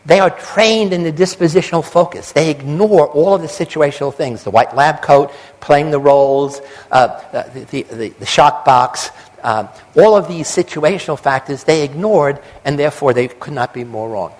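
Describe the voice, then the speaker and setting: A man's voice: a little high, normal speed, rough recording. An older man, a psychologist, giving a public lecture with emphatic lists and acted-out quotes.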